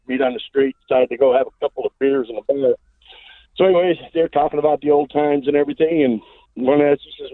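A man's voice: fairly high pitch, no room sound. Rambling male caller on a phone line. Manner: rambling, many fillers and repeated "he says". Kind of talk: telling a long joke on a call-in show.

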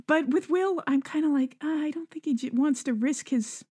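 A woman's voice: high-pitched, normal speed, a little mellow, no echo, clean studio sound. A woman co-hosting a podcast, reading listener emails aloud in casual chat, earnest and laughing easily. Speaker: podcast co-host.

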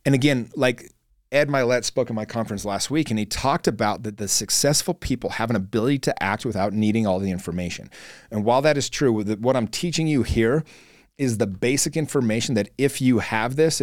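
A man delivers an earnest motivational monologue as a podcast host, coaching his listeners with plenty of "like" and "you know." His voice sits at an ordinary middle pitch. The recording is dry and close, with no room sound. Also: dry recording. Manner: earnest, coaching tone with many fillers and restarts.

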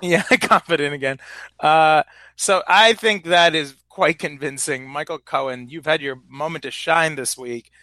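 A man with a fairly high, bright and sharp voice co-hosts a podcast. He fills his talk with "like" and hedges as he goes. The recording is dry and close. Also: a little slow, no echo. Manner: hedging, lots of "like", swears. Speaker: podcast co-host. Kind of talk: casual political banter.

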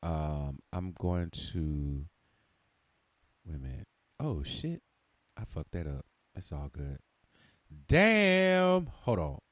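A man's voice: a bass voice, expressive, slow, pauses often, mellow, no echo. A man podcaster rambling on in a loose, profane monologue, half talking to himself. The sound is dry and close, with no room in it. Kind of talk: casual rambling monologue while gaming.

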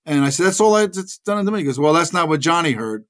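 A guest actor with a fairly high-pitched voice talks very fast during a laid-back interview. His anecdotes wander, and he animatedly imitates everyone he quotes along the way.

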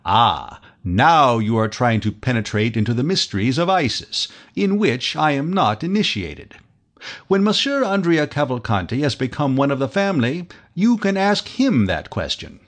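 A man's voice: mid-range voice, very animated, moderate pace. A man reading the part of a teasing, flippant young French viscount in an audiobook, with playful mock-dramatic complaints.

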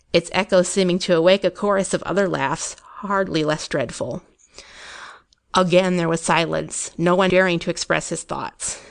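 A woman giving a measured, expressive audiobook reading of an old ghost story. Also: on the low side. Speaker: narrator.

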